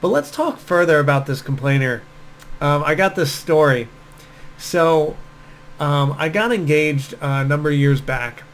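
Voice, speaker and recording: A man's voice: fairly high pitch, expressive, a little slow, a little hiss or hum, low-quality recording. Upbeat man giving casual dating advice. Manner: casual, storytelling, many fillers. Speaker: dating coach. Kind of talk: direct-to-camera advice talk.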